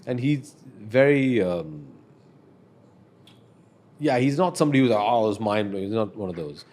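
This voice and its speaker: A man's voice: on the low side, normal speed. A man, earnestly telling a personal story as a podcast guest. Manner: earnest, reflective, animated when telling stories.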